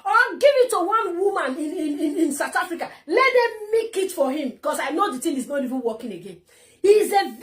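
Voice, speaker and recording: A woman with a Nigerian accent delivers a heated, mocking vlog rant. Her voice sits very high and swings widely in pitch, and she keeps circling back over her points. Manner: heated, mocking, repeats herself. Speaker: vlogger. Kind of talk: angry ranting vlog.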